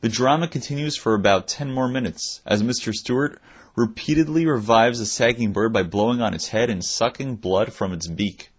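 A man's voice: mid-range voice, normal speed, slightly rough, lo-fi sound. A man teaching, reading passages from a text aloud and then explaining them in a plain conversational way. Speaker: Torah teacher.

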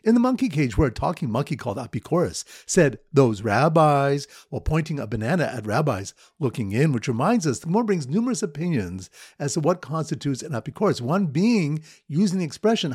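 Man, Talmud teacher, mnemonic storytelling, very animated pitch, husky tone. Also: quick pace, hardly any pauses, no echo, studio quality. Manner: lively storytelling with sudden pitch jumps. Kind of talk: mnemonic Talmud review lesson.

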